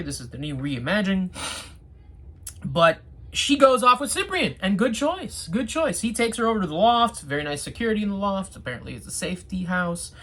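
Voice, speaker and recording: A TV reviewer chatting casually through an episode, with sarcastic asides and rambling restarts. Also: medium pitch.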